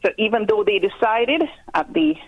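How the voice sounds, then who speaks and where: Jamaican woman explaining on a phone line. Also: mid-range voice. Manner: measured, explains step by step with pauses. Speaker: guest commentator. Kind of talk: phone-in news interview.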